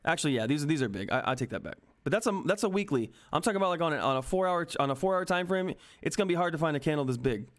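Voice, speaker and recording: A young man commentating live on a stock chart, excited and frantic, often repeating himself. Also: fairly high pitch, rapid-fire, hardly any pauses. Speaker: stock market streamer.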